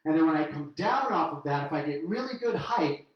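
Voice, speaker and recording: A man's voice: fairly high pitch, lively intonation, a little fast, muffled recording. A middle-aged man teaching a swing dance lesson online, counting steps aloud while he dances, upbeat. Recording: very echoey room.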